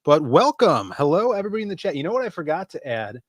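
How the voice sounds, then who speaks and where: Male podcast co-host, higher voice, dry room, rambling casual chat. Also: sing-song, fast, no room sound. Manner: loose, rambling, greets the chat by name.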